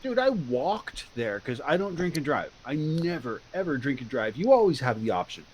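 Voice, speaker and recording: A man's voice: mid-range voice, big pitch swings, normal speed, a little hiss or hum. A man chatting casually with friends, teasing and animatedly retelling shared stories.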